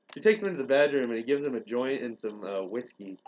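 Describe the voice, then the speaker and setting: A young man tells a story on a podcast in a loose, conversational way. He lets his pitch sit in a middle range. He acts out quoted lines as he goes. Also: lively intonation, quick pace, darkish tone, muffled recording. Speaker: podcast host. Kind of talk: casual storytelling chat.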